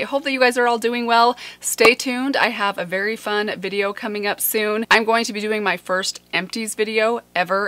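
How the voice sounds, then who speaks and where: Bright-voiced chatty beauty vlogger woman. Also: medium pitch, dry recording. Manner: chatty, friendly, musing aloud. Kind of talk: casual chat to camera.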